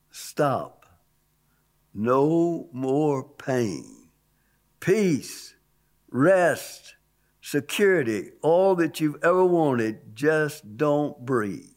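A man giving a spoken religious testimony, emphatic, repeating key words and pushing his voice up on stressed points. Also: on the high side. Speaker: testimony speaker.

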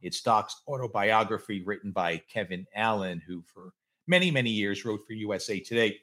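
A man's voice: lowish voice, moderate pace, pushed and bright. A man hosting an interview, introducing a book and asking a long conversational question. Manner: conversational, with fillers. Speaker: interviewer, host.

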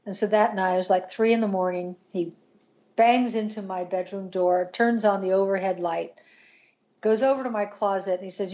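An older woman, a podcast guest, tells a painful personal story in an earnest, halting way, with restarts and pauses. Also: medium pitch, steady tone, a little mellow, muffled recording.

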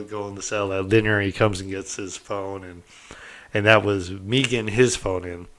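A middle-aged man with a low voice spins a personal story in a loose, candid way. He keeps checking in with his listener and drops the odd curse word. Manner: candid and animated, peppered with "right?" and mild cursing. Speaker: storyteller recounting prison life. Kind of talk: casual anecdotal storytelling.

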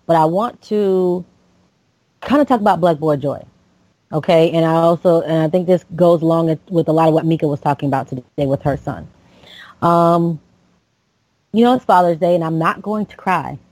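A woman's voice: sits low, moderate pace, a little mellow, no echo, rough recording. A woman in her late thirties from Florida, a podcast host telling a personal story with lots of fillers and restarts. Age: late 30s. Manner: rambling, with many fillers and restarts.

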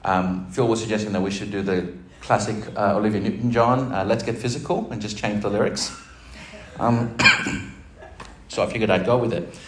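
A pastor with a lowish voice and fairly even intonation speaks at normal speed, joking and chatting with his congregation as laughs break out. The recording captures a roomy church hall with faint noise.

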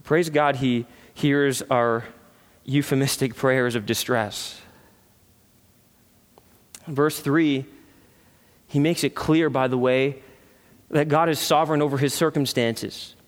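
A man, a pastor, preaching a sermon with earnest rhetorical questions, swinging between loud emphasis and hushed reflection, in a church sanctuary. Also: mid-range voice, fairly even intonation, takes it slowly, long pauses. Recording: long hall reverb.

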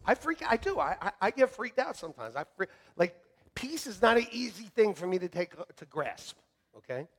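A middle-aged man preaches in a church with a high, lively voice that climbs and dips all over. He is jokey and animated, bursting into shouts and then dropping to a hush. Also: brisk, slightly rough. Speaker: pastor. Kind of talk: sermon. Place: church sanctuary.

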